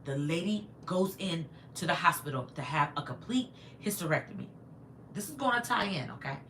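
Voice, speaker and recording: A woman's voice: lowish voice, expressive, normal speed, fairly bright tone, a little hiss or hum. A woman in her fifties telling a long personal story on a livestream, chatty and digressive, stopping to answer viewer comments. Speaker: livestream host.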